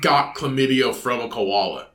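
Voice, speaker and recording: A man's voice: medium pitch, normal speed, fairly bright tone, reverberant. A man co-hosting a podcast in casual chat, crude and jokey, laughing often. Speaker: podcast co-host.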